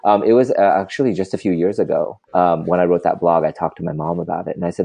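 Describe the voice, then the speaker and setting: Deep-voiced man chatting candidly. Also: fast talker, gravelly, hardly any pauses, warm tone, slightly rough. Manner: candid, rambling, heavy use of "you know". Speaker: podcast host. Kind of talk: casual interview chat.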